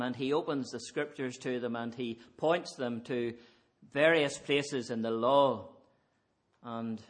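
A man's voice: medium pitch, a bit bright. A man preaching an evening sermon, earnest and emphatic, pressing his listeners with repeated rhetorical questions.

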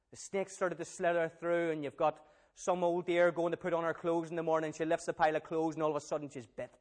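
Animated preacher, high voice. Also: male voice. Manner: animated, questions the audience. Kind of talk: Bible storytelling sermon.

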